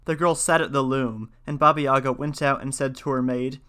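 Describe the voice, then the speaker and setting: A man's voice: mid-range voice, steady tone, brisk, hardly any pauses, fairly bright tone, clear, resonant tone. Man reading a folktale steadily. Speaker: storyteller and lecturer. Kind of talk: folktale reading, then casual lecture.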